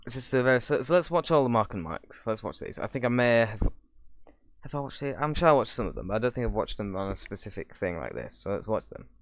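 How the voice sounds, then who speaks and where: A man's voice: mid-range voice, sing-song, quick pace. A young man hosting his channel, giving rambling casual reaction commentary with sarcastic asides. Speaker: YouTuber host.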